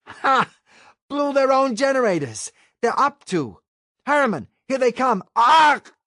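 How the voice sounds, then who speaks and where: A man doing a frantic shouting space marine. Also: extremely high pitch, big pitch swings, measured pace, no echo, clean studio sound, pitched above the performer's own voice, exaggerated voice. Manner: shouting, urgent.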